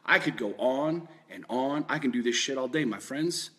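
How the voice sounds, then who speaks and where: A man's voice: medium pitch, expressive, moderate pace, pushed and bright. A man giving a fired-up political monologue, emphatic and repetitive, with lots of swearing. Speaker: political commentator.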